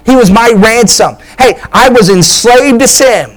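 A pastor delivering a sermon in a fairly high voice for a man. He preaches with emphasis, hammers points through repetition and often stumbles and restarts mid-phrase. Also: unhurried, poor audio.

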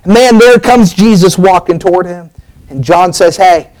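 A man's voice: sits high, unhurried, darkish tone, low-quality recording. A man preaching a sermon, telling a story with an emphatic, rising and falling preaching cadence.

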